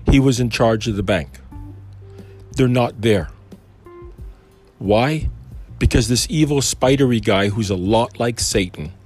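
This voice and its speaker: A man's voice: fairly low pitch, darkish tone, breathy edge. A man giving an informal Christian talk, wandering into conversational asides. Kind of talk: informal preaching.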